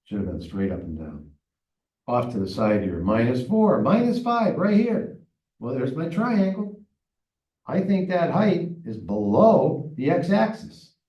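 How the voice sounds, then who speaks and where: This recorded math lesson has the male teacher solving problems out loud, chatty and self-talking along the way. He speaks at medium pitch, expressively and a bit slowly, with lo-fi sound from an echoey room and a far-off mic.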